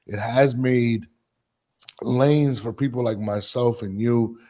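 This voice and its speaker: A man's voice: medium pitch, fairly even intonation, slow, dark tone. A man co-hosting a casual boxing podcast, talking loosely with frequent restarts. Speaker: podcast co-host.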